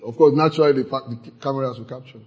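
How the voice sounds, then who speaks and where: A man preaching a sermon, lively and playful, acting out church members in mocking voices. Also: medium pitch, quick pace, muffled recording, a little hiss or hum. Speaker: pastor.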